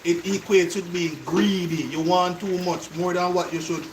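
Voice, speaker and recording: A man's voice: sits high, level tone, normal speed, a little hiss or hum, low-quality recording. A man with a Jamaican accent co-hosting a cooking live stream, chatting to viewers and explaining things in patois. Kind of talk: casual live-stream chat.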